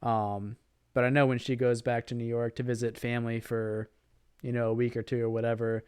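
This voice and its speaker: A man's voice: medium pitch, little pitch movement, brisk, a little mellow, clear, resonant tone, no echo, clean studio sound. A man in his twenties from Virginia with a Virginia accent, co-hosting a casual podcast chat in an easygoing way. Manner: easygoing, explains with many fillers. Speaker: podcast co-host.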